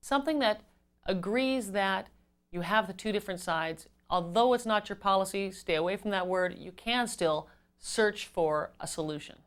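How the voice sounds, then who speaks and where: Measured woman teaching customer service. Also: mid-range voice. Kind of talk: instructional talk to camera.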